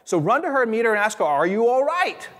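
A man's voice: very high-pitched, sing-song, fast, a bit bright, big-room sound, pitched above the performer's own voice, heavily acted. A man voicing a prophet who urgently sends his servant out, lifting his voice a little. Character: urgent old male prophet giving orders.

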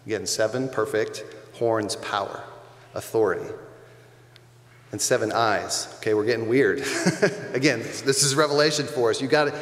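A man's voice: medium pitch, steady tone, moderate pace, fairly bright tone. A male pastor giving a sermon in a conversational, emphatic way, repeating key phrases for weight. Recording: echoey church hall with long reverb.

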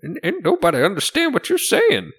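A snooty male merchant squeaks his bragging sales pitch at full volume, high and pompous, as a man game master puts him on. He sounds boastful and looks down on his customer. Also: huge pitch swings, a little fast, creaky, a bit bright, husky, exaggerated voice.

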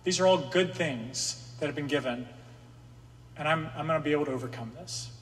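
A man's voice: fairly high pitch, brisk. A man preaching a conversational sermon to a room of listeners, sometimes voicing the psalmist's anxious pleas. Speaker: pastor. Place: room with an audience. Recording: long hall reverb.

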